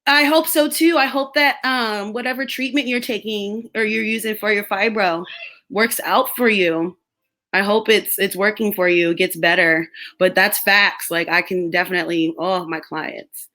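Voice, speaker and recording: Bright, chatty woman live streamer. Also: mid-range voice, steady tone, moderate pace. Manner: chatty, laughs often, drifts between topics while reading chat. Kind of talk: casual live stream chat.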